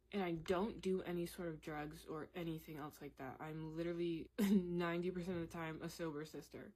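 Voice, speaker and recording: Young woman, story time vlogger, somewhat low voice, candid and chatty. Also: mellow. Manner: candid, conversational, laughs while telling.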